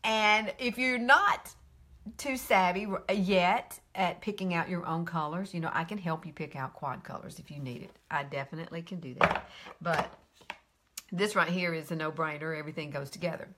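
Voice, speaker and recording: A friendly woman in her fifties with a drawl talks her way through a casual live makeup tutorial. She rambles cheerfully and greets viewers by name, jumping up into a high sing-song for each hello. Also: normal speed, noisy background. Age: 50s. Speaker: makeup vlogger hosting a live stream.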